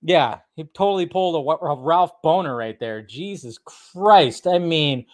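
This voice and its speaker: A male host giving casual movie news commentary, excitable, swearing freely and laughing often. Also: a little high, moderate pace. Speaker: host of a film news channel.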